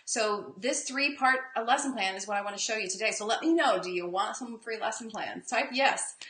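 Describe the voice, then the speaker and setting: A woman leads a live online reading lesson, talking with energy and drawing out each letter sound. Her voice sits a bit high and sounds bright and forceful. The room around her is echoey. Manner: energetic, emphasizes sounds slowly. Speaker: reading teacher. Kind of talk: live online teaching demo.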